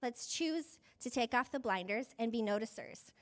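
A woman's voice: on the high side, lively intonation, moderate pace. A woman pastor giving a conversational sermon, chatty and self-deprecating, often saying "like" and laughing mid-sentence.

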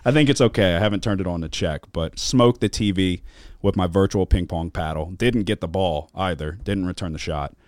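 A man's voice: low voice, a little fast, darkish tone, dry recording, studio quality. A man hosting a podcast, telling rambling stories full of swearing and filler words in casual chat. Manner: rambling storytelling, heavy swearing, lots of filler. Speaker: podcast host.

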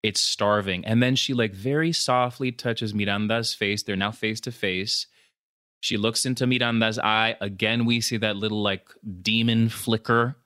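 Dude hosting a podcast, crisp bright voice, dry close sound, sprinkles in while recapping a movie. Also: male voice, on the low side, normal speed, no room sound. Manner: animated storyteller mixing in Spanish words, swears and laughs. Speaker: podcast host. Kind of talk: casual chat recapping a film.

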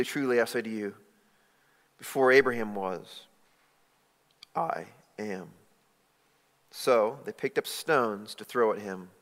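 A male pastor preaching a sermon, swinging from hushed tones to loud, emphatic passages and acting out the quoted voices. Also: medium pitch. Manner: acts out quoted voices in his retelling. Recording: long hall reverb.

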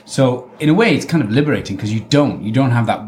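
A man with a Welsh accent, an actor who directs, chatting casually in an interview and mocking himself as he acts out quotes in high voices. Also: expressive, quick pace, darkish tone, slight background noise.

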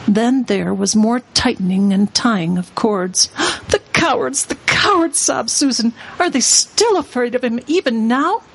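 A middle-aged woman on a radio talk show, reading a children's novel aloud in an earnest, expressive way, with hesitant fillers between phrases. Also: medium pitch, gravelly, slight background noise, poor audio.

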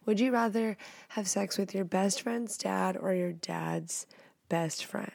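A young woman hosting a podcast in a casual chat, blunt and playful and quick to poke fun at herself. Her voice sits a little low and carries a gravelly edge. The sound is close and dry. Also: fairly even intonation, darkish tone, no echo. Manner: blunt, playful, self-mocking. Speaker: podcast host.

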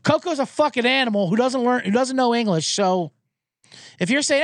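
A male sports host rambles through a casual solo monologue, cursing freely. His pitch swings widely as he talks. The sound is close and dry, with no room echo. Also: normal speed. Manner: rambling and profane, with animated impressions.

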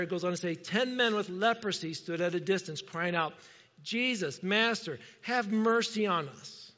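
A man's voice: high-pitched, fairly bright tone. A man from Indiana preaching a sermon in a conversational way, often asking his listeners to respond. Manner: conversational, calls for audience responses. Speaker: pastor. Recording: dull lo-fi sound with long hall reverb.

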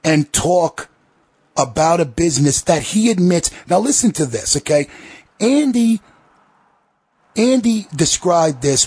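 A man with a husky, slightly rough voice hosts a podcast in a heated, profane rant. His delivery swings between sarcasm and outrage, and the sound is dry and close to the mic with no room around it. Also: on the high side, a little mellow, no echo. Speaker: podcast host. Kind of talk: ranting podcast commentary.

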